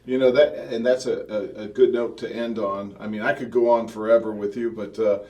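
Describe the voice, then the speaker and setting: A man's voice: on the low side, level tone, brisk, a little mellow, dull audio. A man hosting a podcast, chatting with a guest and signing off the show in an upbeat way. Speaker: podcast host. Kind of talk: casual interview and show outro. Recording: voice a bit distant from the mic.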